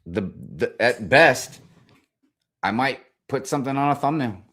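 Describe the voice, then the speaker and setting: Brief: male streamer, profane comedic rant, lively up-and-down delivery, exasperated. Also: medium pitch, unhurried. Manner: swears constantly, animated and exasperated.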